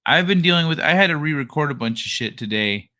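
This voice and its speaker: Young male streamer, bright tone, casual and profane, rambling late-night chat. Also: on the high side, animated, fast. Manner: rambling, profane, laid-back. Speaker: live stream host. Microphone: desk microphone he adjusts.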